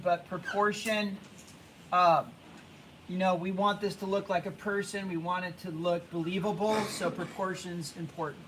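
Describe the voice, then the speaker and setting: A young man teaching a drawing class, talking casually and haltingly, repeating himself and hushing the students. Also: high voice, a little hiss or hum, low-quality recording. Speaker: art teacher.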